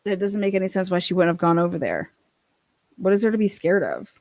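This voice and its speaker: A woman's voice: fairly low pitch, very animated, a little fast, a little mellow, no room sound. A woman giving casual true-crime commentary, blunt and incredulous, swearing freely.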